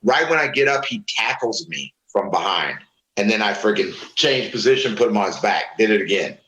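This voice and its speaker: A man's voice: fairly low pitch, normal speed, reverberant, rough recording. A middle-aged man from Florida, a former wrestler, telling profane stories in a casual interview and acting out what others said. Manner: profane, animated storytelling with voiced quotes. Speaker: guest, former pro wrestler.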